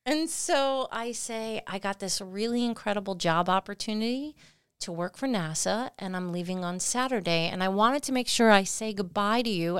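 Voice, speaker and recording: A woman co-hosting a podcast, telling a personal story in a lively way and acting out her own past words. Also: medium pitch, clean tone, no echo, clean studio sound. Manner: animated, acts out her own past lines. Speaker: podcast co-host. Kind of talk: storytelling conversation.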